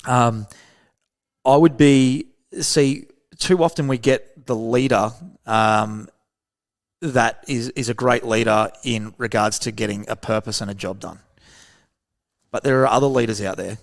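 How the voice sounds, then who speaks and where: Aussie guy with a gravelly voice, earnest, keeps acting out little bits of dialogue. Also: medium pitch, a little slow. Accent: Australian. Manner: earnest, animated, acts out short dialogues. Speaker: podcast guest, veteran program founder. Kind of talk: casual interview talk.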